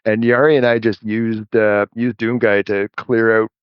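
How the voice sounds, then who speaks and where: A man's voice: fairly low pitch, little pitch movement, moderate pace, clean tone, dry recording, lo-fi sound. A man hosting a casual interview, reminiscing with his guest and chuckling along. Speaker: host.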